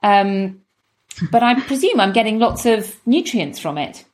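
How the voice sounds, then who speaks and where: Chatty, enthusiastic female co-host, mid-pitched, asks questions. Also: sing-song, measured pace, darkish tone. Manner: enthusiastic, chatty, playing devil's advocate. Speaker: podcast co-host. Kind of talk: casual chat.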